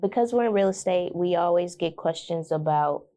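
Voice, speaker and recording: A woman's voice: on the low side, moderate pace, mellow. A woman co-hosting a podcast in casual, playful chat with her husband. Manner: playful, teasing banter. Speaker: podcast co-host.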